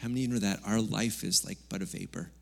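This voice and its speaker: Man, lower-pitched voice, pastor delivering a casual, humorous sermon with sudden loud bursts. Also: fairly even intonation, quick pace, creaky. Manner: conversational, jokey preaching with sudden loud bursts. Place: church service.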